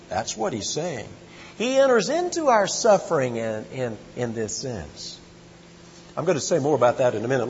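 A man's voice: fairly high pitch, slight background noise. A man teaching a Bible study in a conversational, emphatic way, quizzing his listeners and reading scripture aloud. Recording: muffled echoey hall recording.

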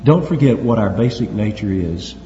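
A man preaching a sermon with lively emphasis and chuckling asides. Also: on the low side, moderate pace. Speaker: pastor. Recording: echoey hall, dull lo-fi sound, faint hiss.

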